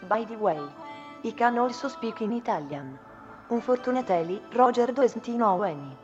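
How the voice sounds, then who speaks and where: A woman's voice: fairly high pitch, animated, normal speed, a little mellow, highs cut off, soft background music, close to an everyday voice. A synthesized female text-to-speech voice speaking English with an Italian accent. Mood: scripted.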